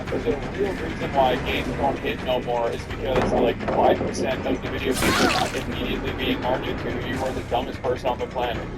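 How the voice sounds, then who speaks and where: Ranting man over loud music. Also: mid-range voice, poor audio. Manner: argumentative, lecturing. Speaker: streamer. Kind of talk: casual ranting commentary.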